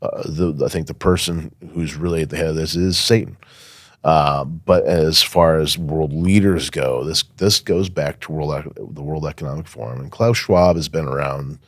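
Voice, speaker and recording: A man's voice: a bass voice, fairly even intonation, normal speed, dry recording, studio quality. A man speaking as a guest in a podcast interview, emphatic and insistent, with frequent fillers. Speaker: guest, firearms safety academy owner.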